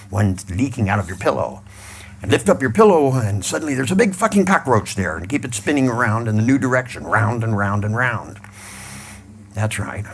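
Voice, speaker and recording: A man leading a live audience through a mental exercise, mixing blunt swearing with calm repeated cues. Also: lowish voice, slight background noise. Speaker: seminar trainer.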